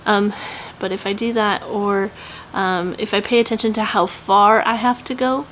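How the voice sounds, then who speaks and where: A woman's voice: medium pitch, fairly even intonation, moderate pace, a bit bright, a little hiss or hum, poor audio. A young woman with a Southern US accent, chatting casually in a home vlog, rambling with many "um"s and laughs. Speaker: vlogger.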